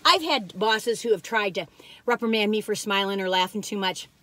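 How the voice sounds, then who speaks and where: Her voice is medium-pitched, moderately paced, bright and forceful, with no room sound, as this sixtysomething woman reviews cookies on her vlog. She rambles exuberantly in casual chat, whooping and laughing as she addresses viewers directly.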